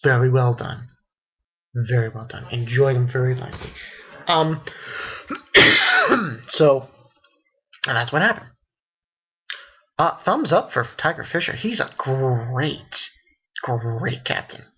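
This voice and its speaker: Man, casual anime reviewer, rambling delivery, husky tone, muffled lo-fi recording. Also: medium pitch, wildly swooping pitch, slow, long pauses. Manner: rambling, many restarts and fillers.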